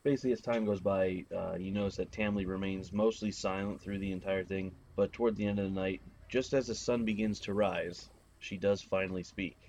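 Male game master, low voice, faint hiss, casual narration. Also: fairly even intonation, a little fast, few pauses, darkish tone.

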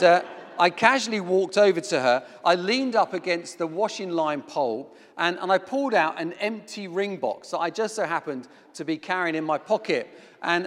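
A man's voice: on the high side, a bit bright. A middle-aged man preaching a sermon, telling a personal story with self-deprecating humor. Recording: long hall reverb.

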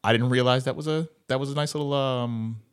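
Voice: medium pitch, fairly quick, smooth. A podcast co-host in casual chat who jokes and laughs often. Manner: joking, laughs often, animated.

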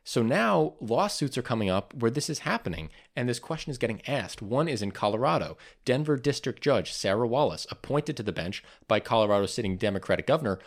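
A man hosting a podcast, going over the week's news in casual chat and reading from notes with frequent ums and restarts. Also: mid-range voice. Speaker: podcast host.

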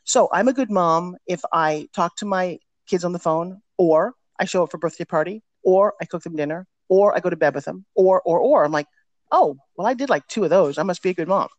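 A middle-aged woman, a personal development teacher, telling stories in an energetic, emphatic way as a guest in a casual interview. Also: fairly low pitch, fairly quick, dry recording, muffled recording.

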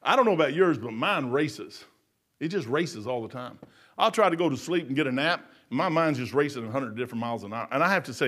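An older man preaching a folksy sermon, telling stories and swinging from quiet muttering to loud, emphatic lines. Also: mid-range voice, expressive, quick pace.

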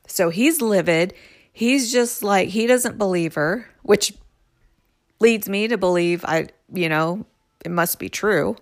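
A middle-aged woman talks through a personal story in a frank, exasperated way and brings in other people's words as dialogue. Her voice sits at an ordinary middle pitch. The recording is dry, with no room sound around her. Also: slow pace, dry recording. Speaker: storyteller recounting her ex-husband's affairs.

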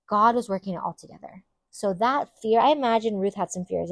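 A woman's voice: medium pitch, expressive, a little fast, no echo. A woman hosting a Bible teaching podcast, earnest and enthusiastic, who stresses her points by repeating them. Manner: earnest and enthusiastic, with emphatic repetition.

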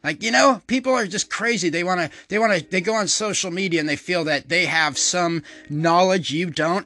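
A man's voice: a little high, pushed and bright. A middle-aged man and podcast host, rambling through a profane, self-deprecating casual monologue and laughing often.

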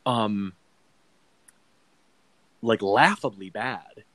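A man's voice: fairly low pitch, extremely slow, fairly bright tone, dry recording, rough recording. A man co-hosting a casual podcast chat, rambling with lots of fillers and acting out quoted lines. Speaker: podcast co-host. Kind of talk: casual chat about a TV adaptation.

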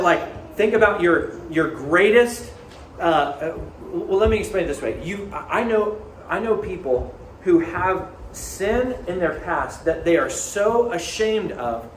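A pastor preaching in a conversational, earnest manner, his fairly high voice carrying through an echoey church hall with a faint hum of ambience behind it. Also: fairly bright tone. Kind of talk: sermon.

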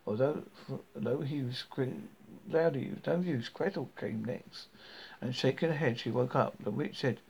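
Gravelly man reading a fairy tale, halting. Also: mid-range voice, darkish tone. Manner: halting, with frequent stumbles and restarts. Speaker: storybook reader. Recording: dull lo-fi recording.

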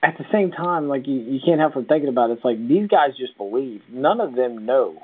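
A man's voice: medium pitch, animated, brisk, slightly rough. A man co-hosting a casual show recap in an easygoing, chatty way. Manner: easygoing, chatty, many fillers. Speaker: podcast co-host. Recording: tinny phone-like sound.

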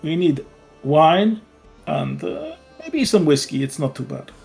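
A man's voice: a little high, sing-song, slow, vocal fry, a little mellow, soft background music, heavily acted. A man voicing a worldly male adventurer who craves wine and calls everyone his friend. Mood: wry.

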